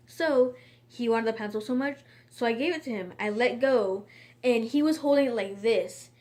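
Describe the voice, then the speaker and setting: A woman's voice: a little high, normal speed, darkish tone. A woman in a casual storytime monologue, rambling and chatty, with frequent fillers and restarts. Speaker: vlogger.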